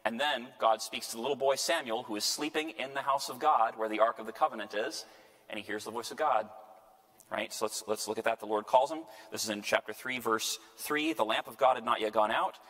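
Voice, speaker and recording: A man, a priest, lecturing a parish class on scripture in an animated, conversational way. He keeps putting questions to his listeners, and his voice sits at an average pitch for a man. The sound trails off into a long hall reverb. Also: fast. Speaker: priest teaching a Bible class. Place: church hall.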